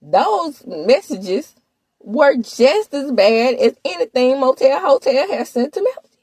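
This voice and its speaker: High-voiced woman, sassy gossip recap, lively swoops, dry close mic. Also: a little slow, husky, dry recording. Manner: sassy, animated, talks straight to viewers. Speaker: gossip commentator. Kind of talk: casual reality TV recap.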